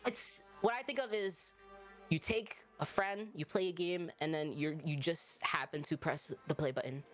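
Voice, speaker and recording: A woman's voice: low voice, normal speed, soft background music. A woman guest streamer chatting casually in an interview, rambling and giggly with lots of likes and ums.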